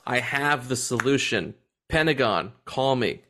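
A man co-hosting a podcast in casual chat, excited and profane, often laughing as he tells stories. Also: medium pitch, a little slow. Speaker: podcast co-host.

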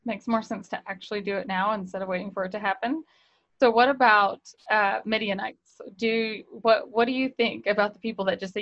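A woman hosts the conversation and puts questions to her guest with an inquisitive manner. Her voice sits at a middle pitch. The audio sounds dull and lo-fi, like a remote line. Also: steady tone, fairly quick, fairly bright tone. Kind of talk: casual conversation.

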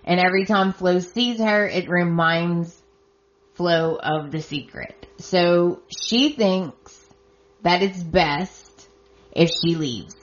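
Woman podcast host, casual chatty recap, slow delivery, dull lo-fi sound. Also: on the low side. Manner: chatty, reacts with surprise and sarcasm. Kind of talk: casual soap opera recap.

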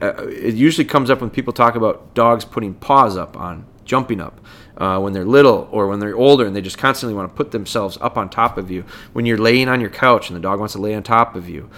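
A man talks through dog behavior on a podcast in a relaxed, conversational manner. His voice sits at an ordinary middle pitch. He often restarts sentences as he breaks ideas down step by step. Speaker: dog trainer and podcast host. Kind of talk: casual explanatory talk.

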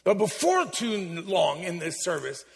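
Brief: male preacher, high voice, unhurried delivery, humorous but emphatic, long church reverb. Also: big pitch swings, vocal fry. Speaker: guest preacher. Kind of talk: sermon. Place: large church sanctuary.

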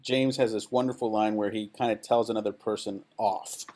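A man's voice: on the low side, steady tone, brisk, darkish tone. Enthusiastic storytelling man, a director guest. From El Paso, Texas. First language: Spanish. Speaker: film director, interview guest. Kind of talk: casual anecdotal storytelling.

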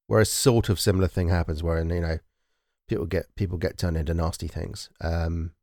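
A man with a lowish, dry-sounding voice chatting casually about a movie on a podcast. He rambles and hesitates, filling gaps with ums as he works his thoughts out. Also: fairly even intonation, brisk, darkish tone, dry recording. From Britain. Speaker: podcast co-host. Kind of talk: casual film discussion.

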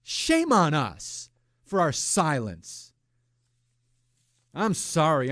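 A fairly high-pitched man hosts a Christian radio talk show into a studio microphone. He preaches with heat, jumping from loud outbursts to quiet, muttered asides. The sound is dry and close. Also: huge pitch swings, drawn-out words, no echo. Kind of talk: impassioned talk radio commentary.

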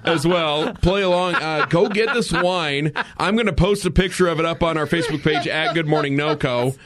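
A man's voice: a little high, moderate pace, a bit bright. A man hosting a morning radio show, chatting casually and joking at his own expense. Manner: jokey, rambling, self-deprecating. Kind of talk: casual on-air chat.

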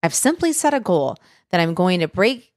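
A woman's voice: on the low side, sing-song, normal speed, a little mellow, no echo, clean studio sound. A woman weight loss coach giving an earnest, reassuring talk straight to her listeners. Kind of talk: motivational talk to viewers.

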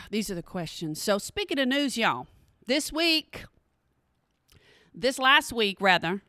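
A woman's voice: medium pitch, sing-song, takes it slowly, pushed and bright, no echo, clean studio sound. A woman host telling a story with comic emphasis, talking straight to her listeners and pressing them to hear her out. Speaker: comedic host.

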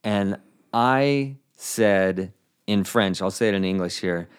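Man, comedian guest, lowish voice, animated storytelling, podcast interview. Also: slow pace, clean tone. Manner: animated, acts out voices with bursts of laughter.

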